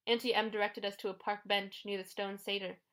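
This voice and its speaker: A woman reading a first-person adventure audiobook in a steady storytelling voice. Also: mid-range voice, fairly quick. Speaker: audiobook narrator.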